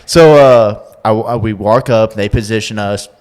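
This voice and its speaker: Lively storytelling man from rural Tennessee. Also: on the low side, unhurried. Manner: lively, acts out quoted voices, frequent laughter, restarts. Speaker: podcast guest, former pro fighter. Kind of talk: casual storytelling in an interview.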